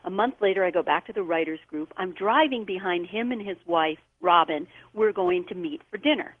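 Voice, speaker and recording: Woman guest, expressive storyteller, acts out quoted voices, dry tinny phone line. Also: on the low side, moderate pace, no room sound. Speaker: guest author. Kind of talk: storytelling on a call-in show.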